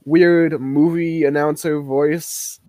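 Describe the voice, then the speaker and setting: A young woman co-hosting a podcast, chatting casually and playfully about a TV episode, quick to agree and joke. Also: low-pitched, fairly even intonation, mellow, no echo, clean studio sound. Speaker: podcast co-host. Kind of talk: casual chat recapping a TV episode.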